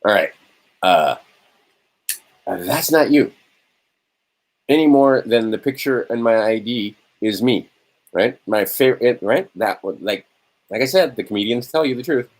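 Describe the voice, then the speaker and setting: In poor audio, a medium-pitched man lectures informally to a small group, speaking expressively and a little slowly with frequent pauses. He asks and answers his own questions rhetorically, often checking in with "right?"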